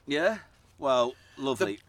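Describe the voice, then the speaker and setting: A man's voice: medium pitch, sing-song, slow. A man hosting a comedy podcast quest outdoors, bossing and teasing his co-hosts with swearing. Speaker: podcast host, quest master. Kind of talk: comedic improvised banter. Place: outdoors in a forest.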